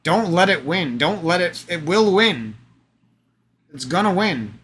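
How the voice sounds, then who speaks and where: Hoarse guy ranting to his camera, swears constantly, kinda high bright voice, faint hiss underneath. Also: animated, measured pace. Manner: profane, emphatic, repetitive, rambling. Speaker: vlogger. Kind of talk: unscripted ranting vlog monologue.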